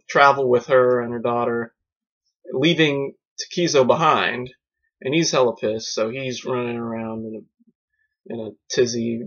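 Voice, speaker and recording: A man reviewing a film in a goofy, excitable way, rambling and restarting his sentences. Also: medium pitch. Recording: dull lo-fi recording.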